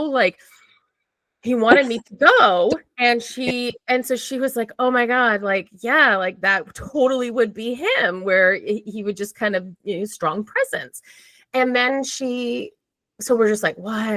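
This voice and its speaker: Woman, chatty podcast storyteller, lively swooping delivery, dead-dry sound. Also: a little high, measured pace, dry recording. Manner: animated, acts out quotes, frequent "like". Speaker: podcast conversation partner. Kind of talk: casual storytelling chat.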